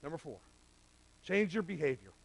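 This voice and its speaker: A man's voice: fairly high pitch, big pitch swings, moderate pace, vocal fry, rough recording. A middle-aged man preaching a sermon in a conversational, direct way, speaking straight to the men in the room. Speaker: pastor. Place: church sanctuary.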